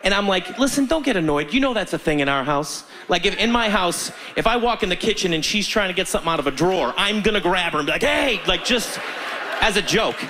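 A male stand-up comedian tells an animated story and acts out each person in it, his voice pitched a little high. He is on a handheld mic on a club stage, with clear noise from the room behind him. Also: quick pace.

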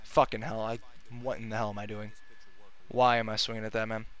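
Young male gamer host, swears a lot while he plays, bright tense voice. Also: fairly low pitch, flat delivery, fairly quick. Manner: profane, frustrated, talks to his players. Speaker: gaming video host. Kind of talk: casual gameplay commentary.

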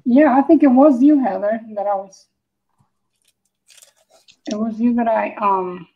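A woman's voice: a little high, a little slow, husky, narrow, tinny audio. A woman chatting casually on a live stream, telling easygoing rambling stories. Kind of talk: casual chat.

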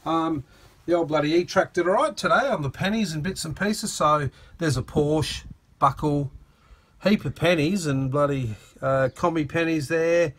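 An Australian man filming a casual outdoor vlog on his phone, chatting excitedly to viewers and calling his mate "mate" a lot. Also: a little high, moderate pace. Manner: excitable, blokey, lots of "mate" and "righto". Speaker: metal detecting channel host. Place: outdoors at a dig site. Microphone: phone camera.

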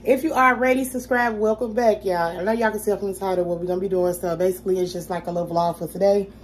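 This vlogger's voice is medium-pitched and fairly even, delivered at a quick pace with a little hiss or hum in the recording. Cooking dinner at home, she talks chattily and straight to her viewers, sprinkling in "y'all" over and over in her casual cooking vlog.

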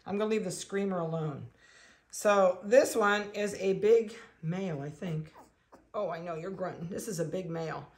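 A woman breeder narrating a casual video, chatting along and cooing softly to the animals she handles. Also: on the low side, normal speed. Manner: chatty, coos softly to puppies. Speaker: dog breeder.

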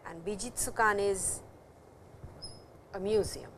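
A woman teaching a language lesson, explaining slowly and repeating each example sentence. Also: mid-range voice, slight background noise, poor audio. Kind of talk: classroom lecture.

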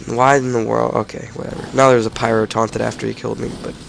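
A teenage boy who is sick, his voice cracking as he rambles through a casual game commentary and breaks into shouted frustration. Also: medium pitch, level tone, fast, vocal fry, slight background noise. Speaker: gamer.

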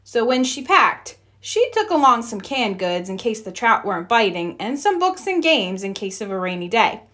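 A woman's voice: on the high side, normal speed. A woman reading a children's storybook aloud, narrating and acting out the characters' lines. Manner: expressive, acts out characters' lines. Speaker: storybook reader.

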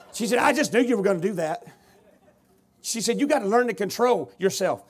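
A man preaching at a revival, telling his own story. His voice sits very high, and he climbs from low, quiet narration into loud shouted scripture. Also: animated, moderate pace, husky. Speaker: preacher giving testimony. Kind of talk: revival sermon testimony.

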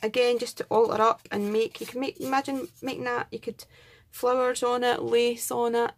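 A Scottish woman in a casual craft vlog who talks in an excitable, gushing way, thanking viewers and counting out items. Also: fairly high pitch, moderate pace. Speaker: craft vlogger. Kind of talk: casual chat unboxing and scoring craft entries.

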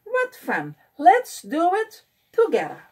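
A woman's voice: very high-pitched, wildly swooping pitch, slow pace, darkish tone, pitched above the performer's own voice, full character voice. A woman voicing an eager, curious young male pollywog who becomes a frog, in a picture-book reading.

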